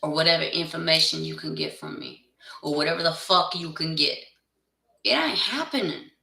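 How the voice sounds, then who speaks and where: Blunt, gravelly tarot reader ranting. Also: medium pitch, fairly even intonation, a little fast, sharp tone, recorded from a distance. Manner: blunt and profane; heated, insistent. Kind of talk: casual direct-to-camera rant. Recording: echoey room, voice away from the mic.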